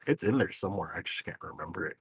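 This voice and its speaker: A man talking in casual livestream voice chat. He rambles in an animated way, swears freely and laughs often. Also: low voice, rapid-fire, slightly rough. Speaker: stream guest player. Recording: faint game music underneath.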